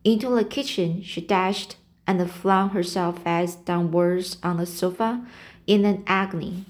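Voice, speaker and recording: A woman reads a novel aloud slowly for learners. She halts, rereads and corrects herself, and stops to explain words. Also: fairly low pitch. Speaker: reading teacher. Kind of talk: slow read-aloud of a novel with word explanations.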